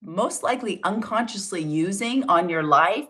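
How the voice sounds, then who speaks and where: Middle-aged woman wellness coach, emphatic and encouraging, animated delivery, rhetorical questions. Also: mid-range voice, normal speed, breathy edge. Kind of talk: motivational talk.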